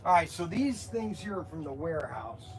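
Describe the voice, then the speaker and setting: A man hosting a casual livestream from a warehouse workspace, telling rambling, animated stories with lots of jokes. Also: fairly high pitch, normal speed, creaky, slight background noise. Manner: rambling, animated storytelling, joking. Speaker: host of a toy and hobby shop livestream.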